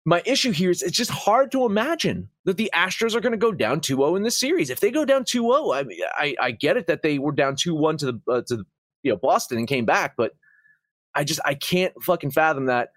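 A man hosting a sports betting show, talking in a casual, animated way with frequent swearing and emphatic outbursts. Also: a little high, brisk, no echo, clean studio sound. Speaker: sports betting podcast host.

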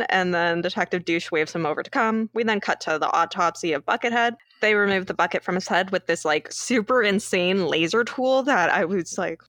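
A woman's voice: medium pitch, fairly bright tone, dry recording, clean studio sound. A woman from Canada co-hosting a podcast, recapping a movie in a sarcastic, casual way and laughing often. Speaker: podcast co-host.

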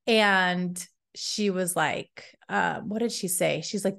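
A woman in her thirties hosting a podcast, telling a personal story in a chatty, expressive way with many likes. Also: lowish voice, takes it slowly, creaky. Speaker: podcast host.

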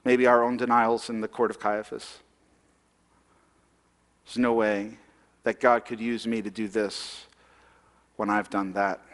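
A man's voice: lowish voice, little pitch movement, a little slow, long pauses. Man preaching in a reverberant hall. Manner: conversational, asks the congregation questions. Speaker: pastor. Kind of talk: sermon.

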